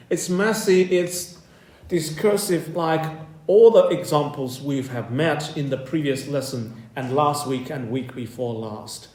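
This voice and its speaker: A man lectures a class on academic writing at an unhurried pace, his voice sitting a little high. He circles back over his own words and keeps asking the room whether they follow. The sound carries the echo of a classroom. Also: a little mellow. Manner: measured, repeats and rephrases words, asks "okay?". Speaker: university writing teacher. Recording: echoey classroom.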